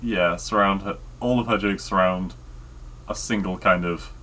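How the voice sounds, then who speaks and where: A man's voice: low voice, steady tone, moderate pace, sharp tone, slight background noise. A man co-hosting a casual podcast, easygoing and hesitant with many fillers. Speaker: podcast co-host.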